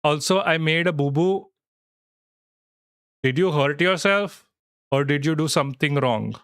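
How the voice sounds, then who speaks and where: A man's voice: a little high, unhurried, a bit bright, clean tone, no room sound, studio quality. A man hosting a casual live stream, talking in a rambling, reassuring way and swearing now and then. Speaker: livestream host.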